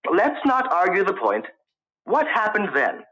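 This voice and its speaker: A peace-loving village minister, as a storyteller puts him on, speaking in measured, soothing tones with quiet authority. His voice is bright and rides high on questions, with lively turns. A storybook clergyman who wants no quarrel. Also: full character voice, rough recording. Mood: calm.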